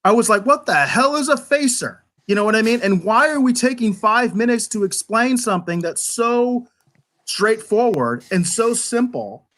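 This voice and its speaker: Animated, rambling man reviewing a show. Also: sits high, normal speed. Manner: animated, rambling with many restarts. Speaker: podcast co-host. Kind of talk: casual review chat. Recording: live online show.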